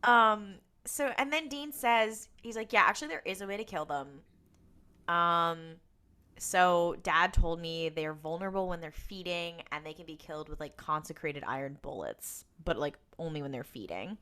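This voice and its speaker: A woman's voice: lowish voice, animated, normal speed, bright, forceful tone. A woman co-hosting a casual recap podcast, telling the story with lots of energy, acting out lines and laughing often. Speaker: podcast co-host.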